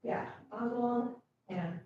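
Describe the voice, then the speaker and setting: A middle-aged woman hosting a casual live stream, chatty and animated, greeting viewers by name as she chats. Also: fairly high pitch, slow pace, muffled recording, a little hiss or hum. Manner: chatty and animated, reads viewer comments aloud. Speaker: livestream host. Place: home, indoors. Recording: echoey room.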